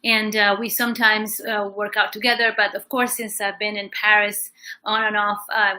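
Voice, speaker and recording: Bright-voiced woman chatting on a livestream. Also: mid-range voice, poor audio. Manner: chatty, fluent storytelling with occasional fillers. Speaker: singer and life coach hosting a livestream. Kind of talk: casual livestream talk.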